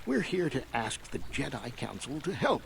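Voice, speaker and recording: A polite worried farmer. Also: male voice, mid-range voice, very animated, normal speed, vocal fry, fairly bright tone, slight background noise. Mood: earnest, polite. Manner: polite, earnest. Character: polite middle-aged male farmer, worried.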